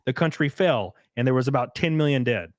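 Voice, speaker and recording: A man hosting a podcast, chatting casually and reading out viewer comments, blunt and profane, telling stories with animated energy. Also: mid-range voice, fairly quick, no room sound, studio quality. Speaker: podcast host.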